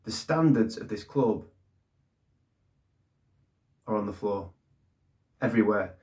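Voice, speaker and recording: A man delivers a frustrated fan monologue in a lowish voice. He is blunt and swears freely. He circles back to the same points again and again to drive them home. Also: animated, takes it slowly, a little mellow. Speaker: fan channel host. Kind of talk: ranting fan commentary.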